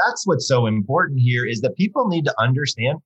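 A man speaks as a sleep coach in a casual conversation, emphatic and reassuring with parents. His voice is husky and somewhat raspy. It sits at a middle pitch for a man. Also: sing-song, a little fast, dull audio. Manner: reassuring, emphatic, occasionally swears. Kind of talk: casual chat.

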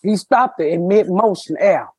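A woman's voice: fairly low pitch, normal speed, darkish tone, slightly rough, no echo. A woman hosting a casual comedy podcast who roasts people bluntly and crudely, sometimes talking while eating. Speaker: podcast host.

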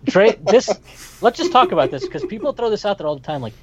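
A man's voice: high voice, huge pitch swings, fast, a crowd in the background. A man co-hosting a casual sports talk show, blunt and emphatic, getting fired up as he argues. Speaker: podcast co-host. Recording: dull lo-fi sound.

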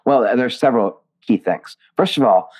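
A man's voice: medium pitch, normal speed. A man being interviewed about his writing, talking expressively and digressively with many restarts. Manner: expressive, digressive, emotional at times. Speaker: author and lyricist. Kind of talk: interview conversation.

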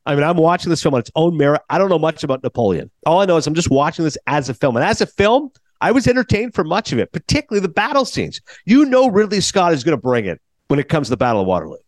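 A man's voice: fairly high pitch, quick pace, few pauses, no echo. A man hosting a film review show, talking casually and acting out scenes in quoted voices. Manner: animated, jokey, acts out scenes in quoted voices. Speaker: film critic podcast host.

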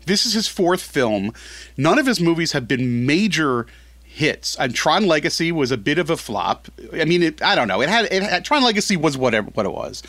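Animated man chatting about movies. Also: a little high, normal speed, no echo. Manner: animated, rambling, self-correcting. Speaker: film critic guest. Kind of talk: casual podcast chat.

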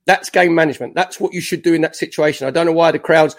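A man's voice: fairly high pitch, quick pace. A man, a former footballer chatting as a podcast guest and acting out quotes as he tells stories. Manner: animated storyteller, acts out quotes. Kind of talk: casual podcast chat.

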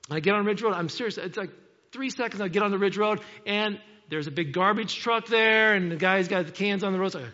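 High-voiced pastor preaching in a hall. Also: male voice, fairly quick, highs cut off. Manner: animated storytelling, repeats "okay?" often. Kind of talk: sermon. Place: church.

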